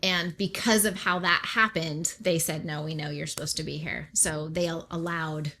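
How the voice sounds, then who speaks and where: Appearing as an interview guest, a middle-aged pastor from Oregon, USA, tells her faith story at normal speed in a low voice. She brings it to life by acting out the remarks she quotes, hers and other people's alike.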